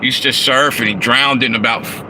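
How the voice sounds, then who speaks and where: A live streamer rambles and swears from his phone in a parked car, reading chat messages aloud and chuckling at his own asides. His medium-pitched voice is steady and sharp at a moderate pace. The noisy handheld phone audio picks up the car engine and the running air conditioner's hum.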